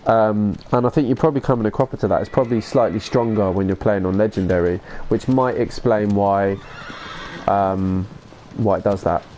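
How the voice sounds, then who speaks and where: A man with a lowish, dark voice chats casually at normal speed during a live game stream, laughing with chat and muttering to himself whenever he gets lost. The recording has a little hiss or hum.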